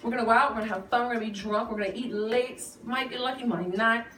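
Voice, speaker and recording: A woman on a reality show chatting in a casual interview, telling animated stories with lots of laughter. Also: fairly high pitch, fast talker. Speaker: reality TV cast member, guest. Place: outdoors on the street. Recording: echoey, distant mic with street noise.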